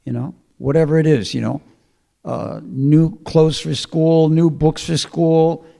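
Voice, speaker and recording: Gravelly man telling a sacred story. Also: fairly high pitch, fairly even intonation, unhurried, dark tone. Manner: conversational, with frequent fillers and throat clearing. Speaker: speaker giving a scripture talk. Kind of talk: storytelling sermon.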